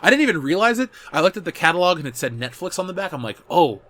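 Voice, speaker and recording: A man in his thirties with a high-sitting voice talks very fast while reading viewer comments on his casual chat show. His manner is animated and full of swearing, and he often corrects himself mid-sentence.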